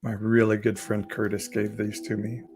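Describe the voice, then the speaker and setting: A man from California leading a slow, soothing guided prayer meditation on a livestream, greeting viewers by name as he goes. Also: fairly low pitch, monotone, a little mellow.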